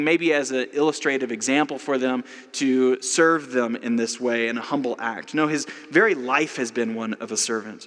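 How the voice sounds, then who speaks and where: A man preaching a sermon as pastor, in a casual, conversational way with frequent "like" and lively everyday illustrations. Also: mid-range voice, in a large hall.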